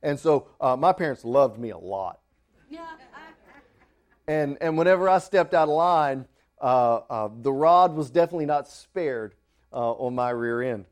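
A man in his thirties preaching a sermon in church, telling a family story with many restarts before rising into loud preaching. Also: medium pitch, expressive, measured pace. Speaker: pastor.

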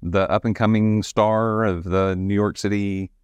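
Male interview host; very low voice; encouraging, halting with ums; dry close sound. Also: steady tone, clear, resonant tone, dry recording. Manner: supportive, asks questions with many fillers. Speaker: podcast host. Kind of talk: casual interview.

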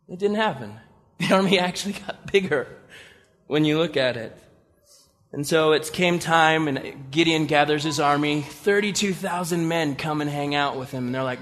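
Male pastor, high voice, funny and animated sermon, big reverberant hall. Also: normal speed. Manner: animated, humorous, incredulous asides. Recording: long reverb of a large hall.

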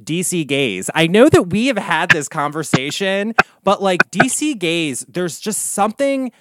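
Animated gossipy man with a lively voice. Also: unhurried, slight background noise. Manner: animated, gossipy, swears freely, big swings in pitch and volume. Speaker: podcast host, comic and drag performer. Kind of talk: casual podcast chat.

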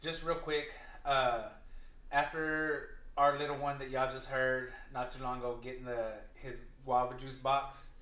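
A man in his thirties co-hosting a podcast in casual chat, loud, slangy and jokey. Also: mid-range voice, level tone, measured pace, reverberant. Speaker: podcast co-host.

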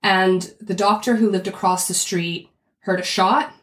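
A woman's voice: medium pitch, fairly even intonation, a little slow, fairly bright tone. A woman co-hosting a podcast, talking things through in a thoughtful, step-by-step way. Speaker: podcast co-host. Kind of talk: casual podcast discussion. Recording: roomy echoey recording.

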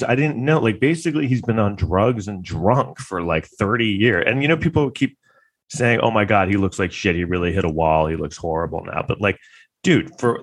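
A man's voice: fairly low pitch, fairly bright tone. A man casually giving a comedic recap, rambling with lots of filler words. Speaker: comedic commentator.

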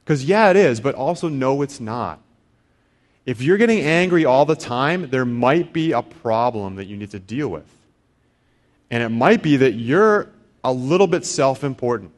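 A middle-aged man preaches in an easy, conversational tone at an ordinary pitch. He stumbles over his words and repeats them as he goes. Now and then he slips into short acted-out thoughts of other people before returning to his plain teaching voice. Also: expressive, normal speed. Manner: conversational, acts out inner voices, repeats words when restarting. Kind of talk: sermon.

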